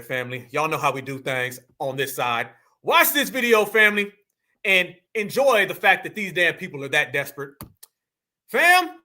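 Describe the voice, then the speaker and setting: Heated high-voiced man reacting live. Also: bright, forceful tone. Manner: heated, mocking, addresses chat as family. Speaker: livestream host. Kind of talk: reacting to a video on a livestream.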